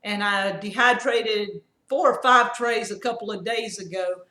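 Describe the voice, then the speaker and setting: A woman's voice: medium pitch, measured pace, pushed and bright, echoey room. A woman hosting a live homestead stream, chatty and laughing often. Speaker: homestead channel host.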